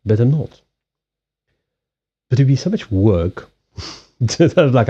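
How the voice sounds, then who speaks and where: Animated man with a Southern African accent. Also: medium pitch, slow pace, long pauses, breathy edge, muffled recording. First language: Portuguese. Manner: animated, swears freely, laughs often. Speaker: card reader and livestream host. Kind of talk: casual livestream chat. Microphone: USB headset mic.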